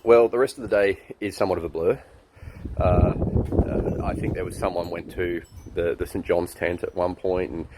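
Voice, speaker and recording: An Australian man in his forties with a very deep voice spins a loose, rambling yarn. He chuckles along and leans on plenty of ums and uhs as he tells it. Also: fairly even intonation, moderate pace, heavy background noise. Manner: chuckling, loose storyteller with many fillers. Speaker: friend giving a birthday message. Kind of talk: rambling anecdote.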